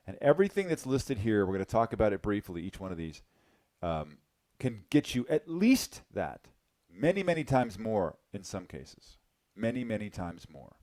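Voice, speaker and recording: A middle-aged man presenting a sales webinar, animated and exclaiming, talking directly to his audience. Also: medium pitch, no echo.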